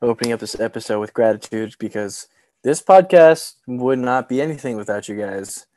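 A man co-hosting a casual podcast, joking around in a playful, animated way. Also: medium pitch, moderate pace, dry recording. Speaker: podcast co-host.

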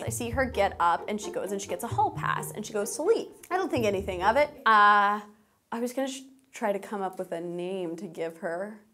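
A young adult woman telling a funny story to the camera in an animated, dramatic way. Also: medium pitch.

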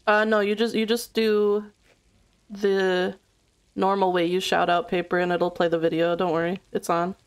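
A woman's voice: mid-range voice, flat delivery, normal speed, smooth. A young woman talking through a game on a live stream from her home setup, close to a desk mic. She chats freely with her viewers, laughs easily and lets curses slip without a second thought. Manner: chatty, laughs easily, swears casually, talks to chat. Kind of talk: live-stream gameplay commentary. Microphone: desk microphone.

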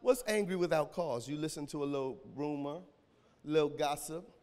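Male pastor, high voice, AAVE, shouting sermon with a cracking voice, echoing church hall. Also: moderate pace. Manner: preaching with call-and-response and sudden shouts.

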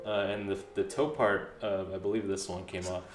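A man's voice: low-pitched, little pitch movement, fairly quick, distant mic. A young man chatting casually about his clothes, laid-back and rambling with lots of fillers. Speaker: guest showing his closet. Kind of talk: casual chat. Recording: echoey room, background music.

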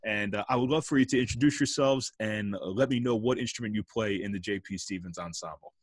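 Host: relaxed man with a lowish voice, dry video-call audio, casual friendly interviewer. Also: a little fast, breathy edge, dry recording. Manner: relaxed, friendly, jazz slang. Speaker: host, band director.

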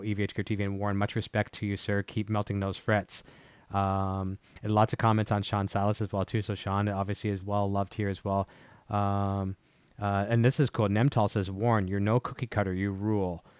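A man's voice: fairly low pitch, flat delivery, moderate pace, smooth, no room sound. A male host in casual chat, reading viewer comments aloud with many ums and uhs.

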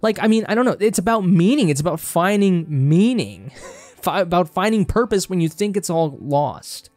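A man's voice: high-pitched, expressive, normal speed, darkish tone, no room sound, soft background music. A young man from Mexico with a Mexican Spanish accent, a native Spanish speaker, delivering a passionate, heated movie review monologue and swearing freely as he gets worked up. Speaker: film vlogger.

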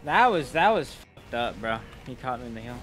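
Excitable profane gamer man. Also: medium pitch, a little fast, over music. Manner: profane, excitable, trash-talks bosses. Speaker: gaming video creator. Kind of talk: casual gameplay commentary.

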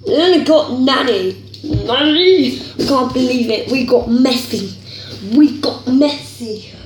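A woman hosting a gaming video, chatting casually and rambling, and breaking into excited squeals over what she gets. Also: fairly high pitch, echoey room, distant mic, background noise. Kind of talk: casual pack-opening commentary.

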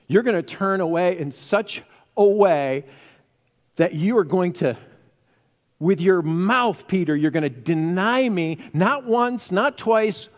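A preacher speaking as a grave, firm teacher. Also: male voice, a little high. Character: calm grave male teacher, stern. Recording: reverberant church hall.

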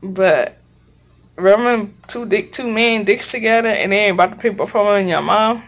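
A woman's voice: mid-range voice, normal speed. A young woman vlogger telling a long story in a casual, blunt and profane way, rambling as she goes. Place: home kitchen.

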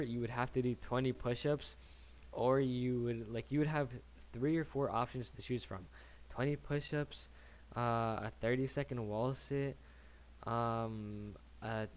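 A young man in his late teens telling a casual story, rambling and slangy, swearing often and tagging his sentences with "right?". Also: mid-range voice.

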